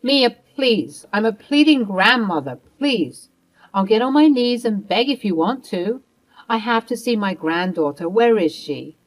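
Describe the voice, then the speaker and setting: A woman's voice: medium pitch, animated, measured pace, rough recording. A woman voicing a spiteful older mother-in-law who sneers and later begs. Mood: pleading. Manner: dismissive, then begging.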